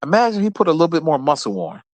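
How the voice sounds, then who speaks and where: A man's voice: a little high, big pitch swings, very fast, no room sound. A man hosting his own show, ranting about basketball in a blunt, profane, trash-talking way. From Philadelphia area. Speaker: host. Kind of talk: casual sports rant.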